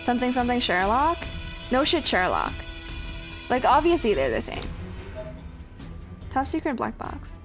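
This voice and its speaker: A woman's voice: on the high side, very animated, normal speed, pauses often. A woman streaming a video game, chatting casually, bluntly and self-deprecatingly, swearing often. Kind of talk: casual gameplay commentary. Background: game music.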